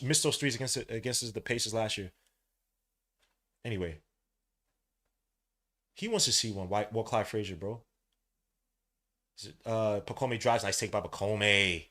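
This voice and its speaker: Give me an excitable New man hosting a fan watch-along, calling plays with heavy slang and sudden loud outbursts. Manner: excitable, swings from low muttering to loud shouting; heavy slang, calls out plays between asides. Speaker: podcast host.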